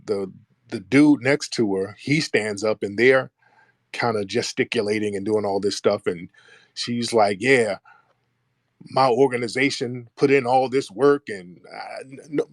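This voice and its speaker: Animated man telling a story with slang. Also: lowish voice, dry recording, studio quality. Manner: animated retelling with voiced quotes, rising when heated; slangy, streetwise speech. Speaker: commentator. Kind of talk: casual storytelling monologue.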